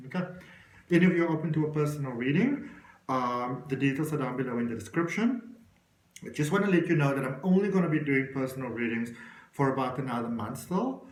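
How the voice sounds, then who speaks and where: A man's voice: medium pitch, brisk, reverberant, low-quality recording. A man giving an encouraging tarot reading, talking straight to the viewer. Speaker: tarot reader.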